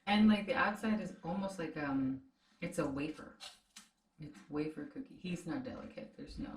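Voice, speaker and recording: Woman, low-pitched, chatty and teasing, casual talk, echoey room, far from mic. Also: moderate pace. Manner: chatty and giggly, teasing her partner. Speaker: co-host of a snack tasting show. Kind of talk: casual chat while tasting snacks.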